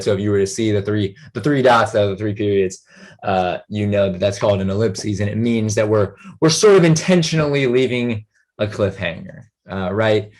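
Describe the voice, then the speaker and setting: A man giving a relaxed, rambling grammar lesson as a tutor, full of fillers and check-ins with his students. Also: on the low side.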